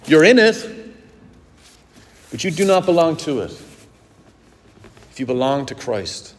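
A man preaches with earnest conviction, leaning on key words and slowing his delivery to drive them home. His voice sits at an ordinary middle pitch. A long reverb trails each phrase, as if in a large church sanctuary. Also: lively intonation, darkish tone. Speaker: pastor. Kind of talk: sermon.

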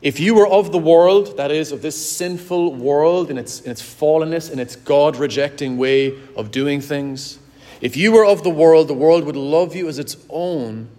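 A pastor preaching a sermon to his congregation, earnest and direct, slowing down to stress key words. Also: a little high, mellow. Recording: long hall reverb.

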